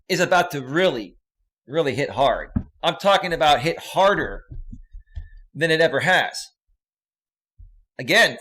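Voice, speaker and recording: Animated male live stream host. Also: a little high. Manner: animated, joking, greets viewers by name. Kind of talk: casual live stream chat, reading viewer comments.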